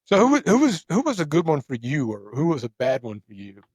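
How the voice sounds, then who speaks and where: A man's voice: on the high side, brisk, breathy edge, no echo. Man telling a rambling backstage story. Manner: rambling, animated, repeats words when starting sentences. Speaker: podcast host. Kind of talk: casual storytelling chat.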